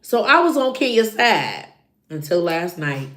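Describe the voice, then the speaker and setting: Speaking unhurriedly in a rather low voice with a roomy sound, a female show reviewer addresses her viewers on a casual recap program. She's animated and performs the quotes she recounts.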